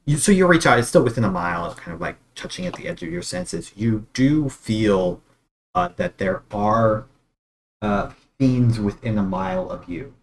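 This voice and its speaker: A man's voice: on the low side, animated, moderate pace, creaky. A man narrating as dungeon master, describing scenes with many ums and uhs over an online call. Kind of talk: narrating a tabletop game.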